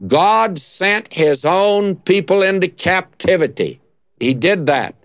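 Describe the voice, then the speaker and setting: A male preacher delivering a sermon in a slow, deliberate cadence, his voice sitting a little high and rising and falling widely as he stresses single words. The sound is dull and lo-fi, with a dry, close feel. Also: animated, fairly bright tone, dry recording.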